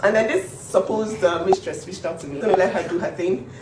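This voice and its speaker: A woman with a lowish voice speaks briskly in her home kitchen, defending her younger sister in a casual vlog. She is emphatic and repetitive, full of fillers, and the distant mic picks up room echo and faint background noise.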